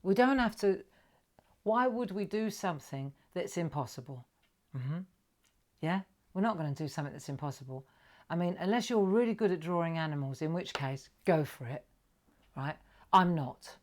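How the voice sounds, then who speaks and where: A middle-aged woman hosting a live craft stream, chatting warmly with viewers, greeting them brightly and sometimes dropping to a whisper. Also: on the low side, expressive, moderate pace. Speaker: craft livestream host.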